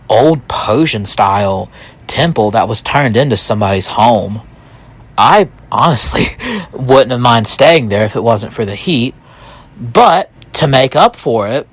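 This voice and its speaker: A man narrating a story in the first person, relaxed and slow, with hesitant restarts. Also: medium pitch.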